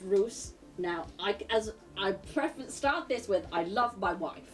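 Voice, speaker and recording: A woman's voice: mid-range voice, animated, takes it slowly, distant mic, music in the background. A woman playing a tabletop game, teasing the others and laughing often. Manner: giggly, teasing, bursts of laughter. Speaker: player.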